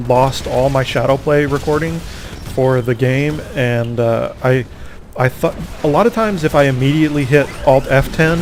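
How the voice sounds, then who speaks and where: Rambling gamer guy, mid-pitched voice. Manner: rambling, self-mocking, reacts aloud to the game. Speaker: gamer recapping a tournament. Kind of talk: casual commentary over gameplay.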